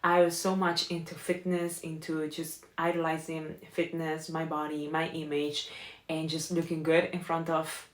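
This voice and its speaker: A woman's voice: deep voice, little pitch movement, normal speed. A young woman sharing a heartfelt, emotional faith testimony in a vlog, earnest and often close to tears. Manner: earnest with frequent "you know?". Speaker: faith vlogger and life coach. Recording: echoey room.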